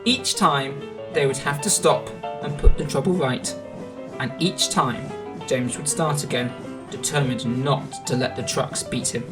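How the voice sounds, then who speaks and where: A man reading a children's storybook aloud in a gentle, expressive way. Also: mid-range voice, measured pace, music in the background.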